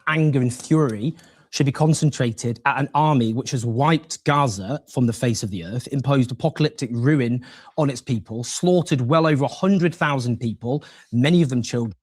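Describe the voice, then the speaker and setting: A man's voice: medium pitch, moderate pace. Impassioned male commentator in a debate. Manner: impassioned, emphatic. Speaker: political commentator. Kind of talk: televised debate argument.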